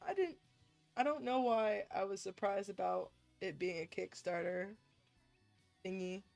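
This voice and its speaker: A woman's voice: medium pitch, unhurried, gravelly, darkish tone, soft background music. Casual joking woman streamer. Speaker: VTuber streamer. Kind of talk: casual game stream chat.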